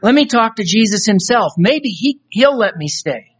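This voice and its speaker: A man's voice: high voice, lively intonation, normal speed, breathy edge, pitched above the performer's own voice. A man voicing a young man who has just died, begging tearfully and stammering to be let into heaven. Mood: desperate pleading. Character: young man newly dead, desperately pleading at heaven's gate.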